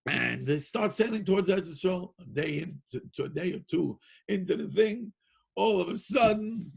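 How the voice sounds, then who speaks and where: Gravelly, animated storytelling man. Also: high voice. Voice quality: gravelly, husky. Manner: animated, repeats words, laughs between lines. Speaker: Torah teacher. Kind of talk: storytelling lecture.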